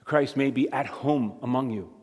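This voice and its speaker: A man preaching as a guest speaker, moving between quiet conversational asides and emphatic rising points. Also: medium pitch, normal speed, slightly rough. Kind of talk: sermon. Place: church sanctuary. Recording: long hall reverb.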